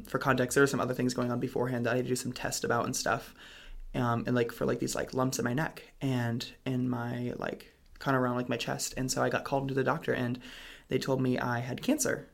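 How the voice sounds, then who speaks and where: A young adult man with a medium-pitched voice and vocal fry tells a personal story as a guest. He rambles casually, filling his speech with "like" and "um."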